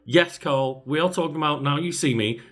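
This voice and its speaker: A man's voice: on the high side, quick pace, fairly bright tone. A man hosting a podcast, chatting casually in an amused way and often breaking into laughter. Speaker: podcast host. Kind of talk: casual chat.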